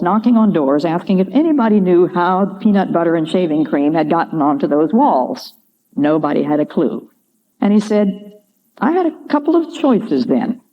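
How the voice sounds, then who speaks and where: An older woman giving a devotional talk, telling stories in a measured, earnest way. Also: lowish voice. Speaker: Christian speaker. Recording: dull lo-fi recording.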